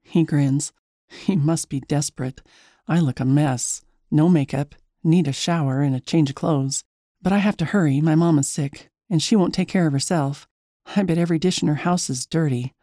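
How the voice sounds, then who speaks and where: A woman's voice: sits low, normal speed, dark tone, no echo, clean studio sound. A woman narrating a first-person story in a chatty, wry, self-mocking way.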